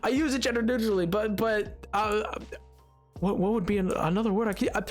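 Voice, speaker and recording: A streamer chatting casually during a live game session, rambling and excitable, reading chat aloud with frequent restarts and now and then slipping into a joking put-on accent. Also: medium pitch, fairly quick, faint music behind. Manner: sometimes puts on a joking accent. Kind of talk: casual livestream chat while playing a building game.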